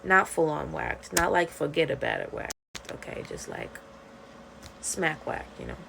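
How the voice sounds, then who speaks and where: A woman casually retelling a webtoon plot to her viewers, animated and swearing freely, acting out the characters' lines. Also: deep voice, unhurried, creaky, background noise. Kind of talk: casual storytime rant.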